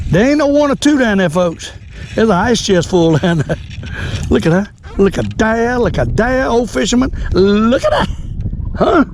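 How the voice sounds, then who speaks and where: An older man hosting a fishing vlog from a boat, folksy and excitable, repeating his exclamations. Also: high-pitched, background noise. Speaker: fishing channel host. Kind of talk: casual fishing vlog narration. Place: on a boat on a lake.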